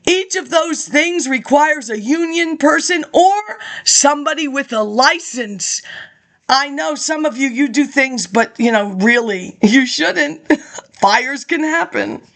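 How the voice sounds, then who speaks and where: A woman's voice: high voice, lively intonation, slow pace, a bit bright. A woman talking casually and reading out narration, chatty and laughing now and then. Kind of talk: casual talk mixed with read narration.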